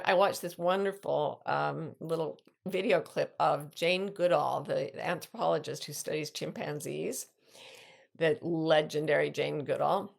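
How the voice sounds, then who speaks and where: An older woman talks through a reflective, casual show with a low, gravelly voice. She tells her stories in an animated way and often breaks off to restart a sentence. She sounds like a seasoned host. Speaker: podcast host and life coach.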